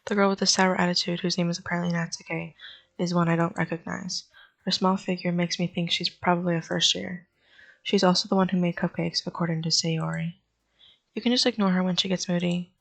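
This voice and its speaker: Lady gamer reading a visual novel out loud, low n kinda gravelly, dry humor. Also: level tone, fairly quick. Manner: dry, wry asides. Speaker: gaming channel host.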